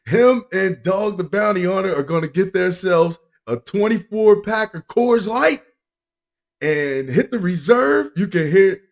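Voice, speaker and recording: A man's voice: sits high, animated, a little slow, vocal fry. Rambling, chuckling male podcast host. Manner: rambling, chuckling, loose and joking. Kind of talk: casual chat.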